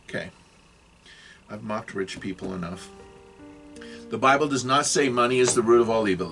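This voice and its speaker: A man's voice: on the low side, normal speed, creaky, pauses often, a bit bright, soft background music. A man in his sixties giving a rambling video lecture, often losing his thread and apologizing. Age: 60s. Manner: rambling, self-correcting, apologetic asides. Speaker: religious video teacher.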